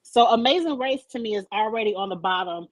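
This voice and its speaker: A woman's voice: mid-range voice, a little fast, no echo, rough recording. A woman co-hosting a casual chat show, talking in a chatty, opinionated, slangy way. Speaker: podcast co-host. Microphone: desk mic.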